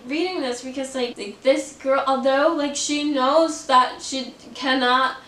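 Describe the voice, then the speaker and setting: A woman's voice: sits high, a bit bright, roomy sound, recorded from a distance, slight background noise, rough recording. A young woman vlogging about her own story, fervent and passionate, with lots of "like" fillers. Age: young adult. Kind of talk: personal storytelling vlog.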